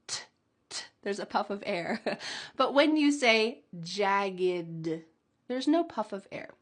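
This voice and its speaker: A woman teaching English pronunciation at an unhurried pace, stretching each model word out so learners can repeat it. Her voice sits a little high, and small light laughs come between the drills. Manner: slow, drawn-out model words with light laughs. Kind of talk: pronunciation lesson.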